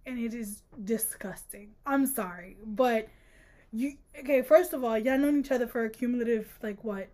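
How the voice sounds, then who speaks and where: A young woman co-hosting a casual book podcast, talking in a sarcastic, animated way with frequent laughter. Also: a little high, normal speed. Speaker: podcast co-host.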